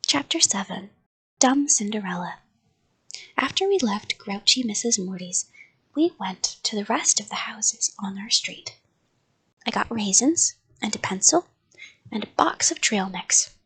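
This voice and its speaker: A woman reading a children's story aloud in a soft, half-whispered bedtime voice. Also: mid-range voice, lively intonation, measured pace, slightly rough.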